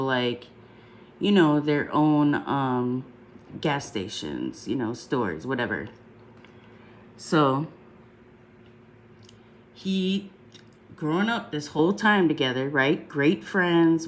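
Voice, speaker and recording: A woman's voice: low voice, a little hiss or hum. A congested woman talking casually on a livestream, rambling and chatty, often saying "um" and asking "right?" along the way.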